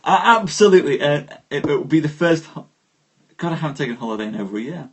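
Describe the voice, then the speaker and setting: A man hosting a live stream, reading poetry aloud and chatting with viewers, greeting them by name in an unhurried way. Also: a little high, expressive, husky.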